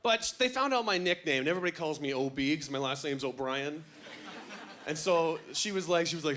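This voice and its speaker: High-voiced young comedian, animated. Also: male voice, fairly quick, a little hiss or hum. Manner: animated, self-mocking, acts out voices. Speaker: stand-up comedian. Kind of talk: stand-up comedy set. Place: comedy club stage. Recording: loud audience laughter, comedy club.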